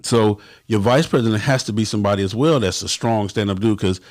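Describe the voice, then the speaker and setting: Hosting a livestream for his motorcycle club, a man gives viewers blunt, profane advice and acts out quotes in a raised voice. He speaks on the low side and fairly quickly.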